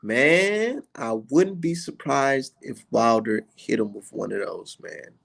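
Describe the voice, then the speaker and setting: Male vlogger with a gravelly voice, swearing and mocking, with an animated delivery. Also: mid-range voice, slow pace. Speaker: vlogger reacting to boxing clips. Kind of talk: profane casual reaction commentary.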